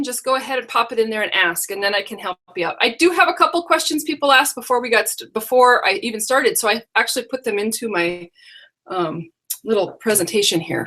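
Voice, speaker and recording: A middle-aged woman hosts a casual live stream from her computer mic. Her voice sits a little high and comes across bright and forceful, and she chats in a rambling way, often stopping to correct herself. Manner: chatty and rambling, with many self-corrections. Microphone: computer microphone.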